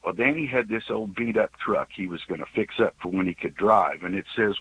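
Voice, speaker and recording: Older male caller, 60s, low husky voice, earnest and rambling storyteller. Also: fairly quick, phone-quality sound. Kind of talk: telling a personal story.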